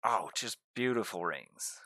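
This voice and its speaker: A young man narrating his gameplay in a casual, excitable way, often gushing to his viewers. His voice sits a little low but carries a bright, forceful edge. It is recorded dry and close on a desk mic. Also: a little slow, no room sound. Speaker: gaming YouTuber.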